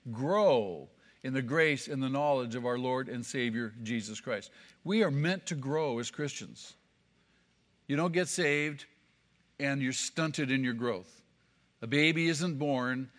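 A man's voice: on the high side, a bit bright. A male pastor preaching an emphatic sermon, repeating key phrases for weight. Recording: long hall reverb.

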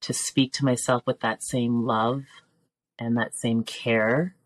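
A middle-aged woman, a teacher and filmmaker, talking as a podcast guest in an earnest, emotional way, pausing with frequent ums and restarts. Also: extremely low pitch, fairly even intonation, no echo. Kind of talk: reflective heartfelt conversation.

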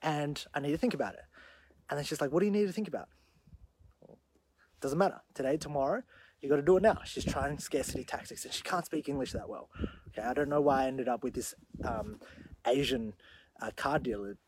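A man hosting his own show, telling a story in an animated monologue that grows loud when he retells the confrontation. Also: fairly high pitch, a little fast, pauses often, slight background noise. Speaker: podcast host.

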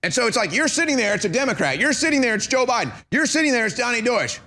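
A man's voice: very high-pitched, big pitch swings, quick pace, vocal fry, sharp tone. A man hosting a political talk show, ranting in a heated, mocking and repetitive way. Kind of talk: political commentary rant.

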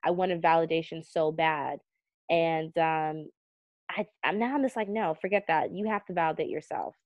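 Lowish chatty woman guest, earnest, kinda dull dead-dry audio. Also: moderate pace, no room sound. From United States. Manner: chatty, earnest, heavy use of "like". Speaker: magazine CEO and editor, guest. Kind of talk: casual podcast conversation. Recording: dull, slightly muffled audio.

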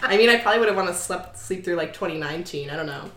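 A woman in her twenties co-hosting a podcast, chatty and quick to giggle. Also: on the low side, animated, fairly bright tone, echoey room. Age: 20s. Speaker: podcast co-host. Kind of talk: casual chat.

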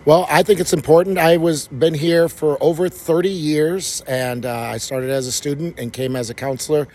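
A pastor answering interview questions with enthusiasm. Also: male voice, on the high side, fairly even intonation, moderate pace. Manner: enthusiastic, warm praise.

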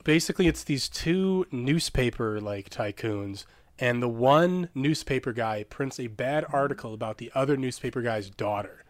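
A man's voice: mid-range voice, lively intonation, moderate pace, no room sound. A young man co-hosting a podcast, rambling through a story with frequent laughs and swearing. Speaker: podcast co-host. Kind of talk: casual chat.

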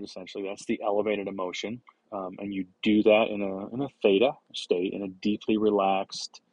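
Man, podcast host, rambling casual monologue, husky, dry close mic. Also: on the low side, no echo, low-quality recording. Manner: rambling, lots of fillers and restarts, swears casually.

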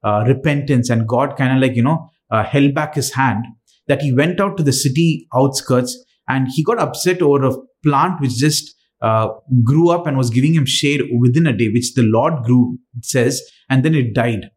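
A man preaching a sermon, earnest and halting, with frequent fillers and restarts. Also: mid-range voice.

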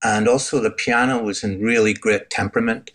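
An older man from Northern Ireland gives his personal testimony in an interview, speaking briskly with a lowish, fairly bright voice and fairly even intonation. His storytelling is earnest and reflective, with frequent restarts, and he has a Northern Irish accent.

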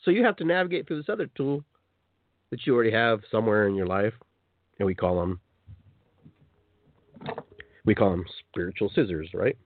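Male radio host, animated spiritual monologue; phone-line quality, dry and close. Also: fairly low pitch, moderate pace, pauses often, dry recording. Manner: animated, acts out quoted voices.

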